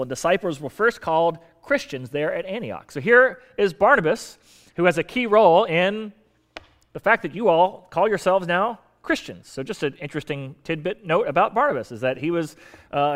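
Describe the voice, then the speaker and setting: Pastor type, male, slightly higher voice, casual teaching sermon with light humor and punchy emphasis. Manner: conversational teaching with asides and humor; animated, shifts loudness for emphasis.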